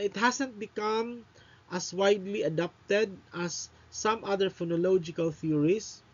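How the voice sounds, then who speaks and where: Male teacher with a slow, unhurried delivery, checks in with "no?" after his points; muffled lo-fi audio. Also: sits high, darkish tone, husky. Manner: often ends points with a questioning "no?"; explains step by step with fillers and pauses. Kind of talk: recorded lecture. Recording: dull lo-fi recording.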